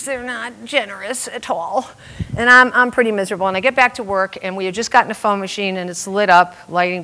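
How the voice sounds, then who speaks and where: An older woman telling a funny personal story to a live audience, lively and self-mocking, acting out the voices of the people in it. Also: mid-range voice. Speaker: storyteller on stage.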